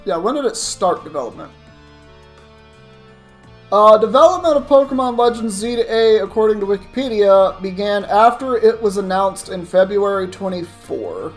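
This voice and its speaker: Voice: mid-range voice, animated, moderate pace, soft background music. A young adult streamer giving rambling, casual commentary while playing a game, swearing now and then. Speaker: streamer playing a Pokemon challenge run. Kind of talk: casual let's-play commentary.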